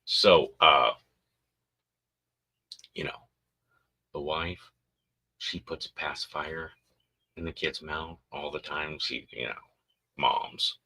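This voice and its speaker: This male podcast host has an extremely low pitch and fairly even intonation, taking things slowly with long pauses and a sharp tone. He rambles casually in a crude, joking way, often putting on silly voices of babies and parents.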